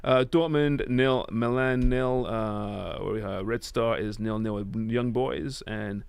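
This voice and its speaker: A man co-hosting a casual football watch party, teasing with deadpan jokes and running through the scores. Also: fairly low pitch, takes it slowly, creaky, clear, resonant tone, dry recording. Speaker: co-host.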